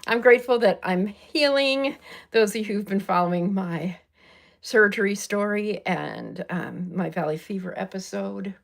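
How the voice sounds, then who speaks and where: A woman's voice: medium pitch, animated, a little slow, creaky. An older woman from Southern California hosting a live-stream chat from her purple room at home, upbeat and chatty, greeting viewers by name. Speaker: livestream host.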